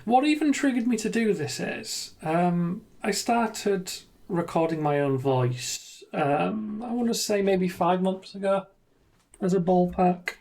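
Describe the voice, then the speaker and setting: A man's voice: high-pitched, takes it slowly, gravelly, darkish tone. A man talking through an unscripted, reflective video monologue, hesitant and earnest, with lots of ums and restarts. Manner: earnest and self-deprecating. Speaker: gaming video creator.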